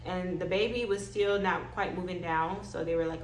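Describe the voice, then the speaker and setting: A woman vlogger telling a personal story in a lively way, acting out what others said. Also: lowish voice, moderate pace. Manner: animated, acts out quoted dialogue. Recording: echoey room with faint background noise.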